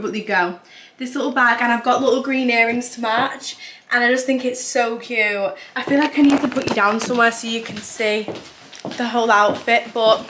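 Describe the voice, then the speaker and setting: Her voice is on the high side, pushed and bright, recorded with a roomy sound and a little hiss or hum. A young woman vlogger chats and giggles in a self-deprecating way as she tries on outfits and does her makeup for a get-ready-with-me video. She films on a camera set down nearby in a room at home.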